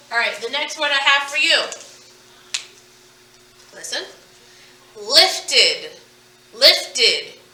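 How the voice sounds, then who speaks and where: In an echoey room, some distance from the mic and with slight background noise, a woman gives a phonics lesson in a slightly high, pushed, bright voice. She plays with each word, drawing out and exaggerating its target sounds.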